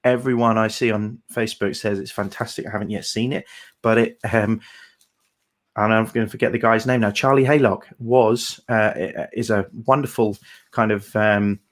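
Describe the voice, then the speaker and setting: A man's voice: lowish voice, steady tone, normal speed. A man co-hosting a folk song livestream, chatting casually in a rambling, hesitant way with many fillers.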